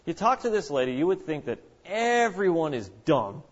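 A man preaching a sermon in an animated way, acting out the voices of the people he quotes. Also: on the high side, moderate pace. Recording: dull lo-fi recording.

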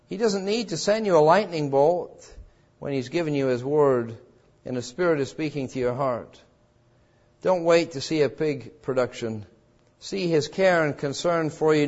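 A man's voice: fairly high pitch, dull audio. A man preaching a sermon as pastor, earnest and pleading, asking his listeners direct questions.

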